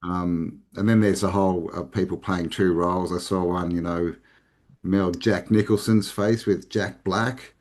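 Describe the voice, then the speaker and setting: Low-voiced, rambling Australian man. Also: measured pace. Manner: relaxed, rambling with frequent restarts. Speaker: podcast guest. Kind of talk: casual conversation.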